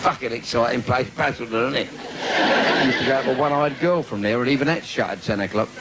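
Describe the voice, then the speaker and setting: This comedy club set, captured on noisy 1980s live video, features a London man doing bawdy stand-up in a theatre. Mid-range in pitch and a little fast, he banters cheekily with the audience and laughs at his own jokes.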